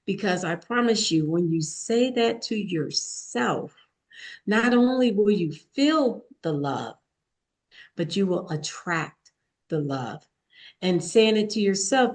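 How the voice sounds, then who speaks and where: A woman author and meditation guide, a podcast guest, talking in a soothing, reassuring, deliberate way. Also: medium pitch, lively intonation. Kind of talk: interview guest.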